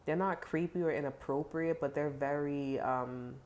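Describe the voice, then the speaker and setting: A woman's voice: deep voice, normal speed, darkish tone. A woman giving a casual tarot reading to viewers, chatty and blunt, swearing freely with lots of "like" fillers. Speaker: tarot reader.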